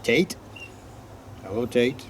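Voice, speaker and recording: A man vlogging outdoors in a forest, greeting unseen listeners one by one and answering for them in a quieter voice. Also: medium pitch, expressive, slow pace, slight background noise. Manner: greets each name, then answers himself in a quieter voice. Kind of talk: casual talk to unseen listeners.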